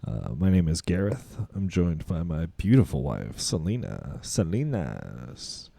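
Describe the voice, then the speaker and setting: A man's voice: low voice, big pitch swings, moderate pace, vocal fry, mellow, no echo. A man co-hosting a podcast in casual chat, loose and joking, firing off rambling questions. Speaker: podcast co-host.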